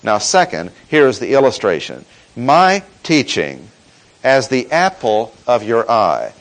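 A man preaching an expository sermon, teaching in a measured, emphatic way and slowing down to stress key words. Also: medium pitch, very animated, poor audio.

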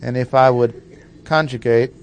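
A man preaching a teaching sermon, explaining word meanings slowly and deliberately and asking rhetorical questions. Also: medium pitch, steady tone, dull audio, a little hiss or hum. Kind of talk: sermon teaching on Bible language.

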